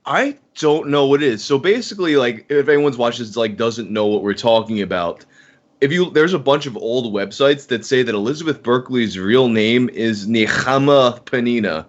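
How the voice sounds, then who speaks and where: A man's voice: mid-range voice, moderate pace. Rambling podcast guest man, lo-fi sound. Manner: relaxed, rambling, swears casually. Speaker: podcast guest, online video maker. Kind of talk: casual podcast chat.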